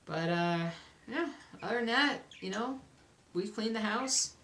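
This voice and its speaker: This young woman's voice is fairly high, animated and fairly bright, at a measured pace, though she sounds sleepy and yawns. Chatting to camera from home as a cross stitch vlogger, she rambles reassuringly about her week amid echo and faint noise.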